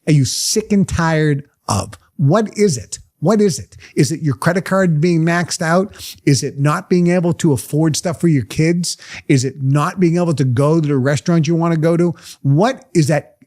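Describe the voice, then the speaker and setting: A man's voice: on the high side, normal speed, darkish tone. A man giving an emphatic motivational talk to a live group, firing off rhetorical questions. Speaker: motivational seminar speaker.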